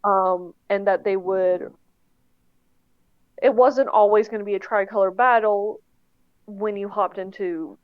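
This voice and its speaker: A woman co-hosting a podcast in casual chat, explaining things at length in a relaxed, self-deprecating way. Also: medium pitch, a little slow, pauses often, dry recording, muffled recording. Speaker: podcast co-host.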